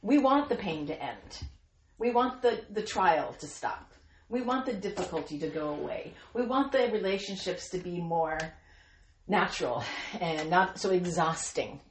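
A woman's voice: fairly low pitch, a little hiss or hum. Woman, devotional podcast host, earnest and encouraging, playful quoted voices, echoey room. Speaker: podcast host speaking to Christian women.

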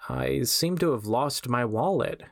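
A man voicing an awkward, polite male werewolf in a torn tuxedo, with a gravelly, throaty voice and a halting, hesitant way of talking. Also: mid-range voice, expressive, dry recording, studio quality.

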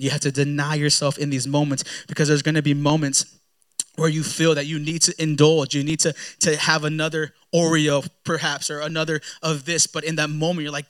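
Guy preaching a sermon, kinda high voice, chatty, repeats himself a lot. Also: completely flat delivery, brisk, fairly bright tone, smooth. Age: young adult to middle-aged, a father. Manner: conversational preaching, repeats words, acts out prayers. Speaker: pastor.

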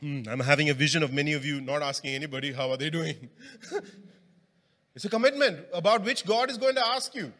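A man with a fairly high pitch and sharp tone talks fast, hardly pausing, as he preaches in a church hall. He engages the congregation conversationally with questions, and there's long hall reverb.

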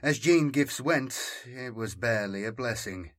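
A man narrating an audiobook in a slow, deliberate scripted reading. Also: medium pitch, expressive, a bit bright.

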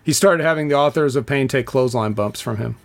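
A man co-hosting a wrestling review podcast, speaking casually with many hesitations and a dry, deadpan wit. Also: mid-range voice, quick pace. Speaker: podcast co-host, former wrestler.

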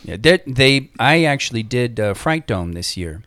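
Guy chatting on a podcast, bouncy pitch, bright clear voice, dry sound. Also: normal speed, dry recording. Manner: animated storyteller, acts out quotes. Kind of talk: casual chat.

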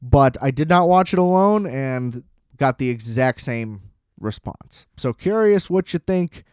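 A man's voice: mid-range voice, expressive, unhurried, darkish tone, clean tone, no room sound, clean studio sound. A young man casually reviewing a TV series in a rambling monologue, with lots of filler words and profane asides. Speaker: show reviewer.

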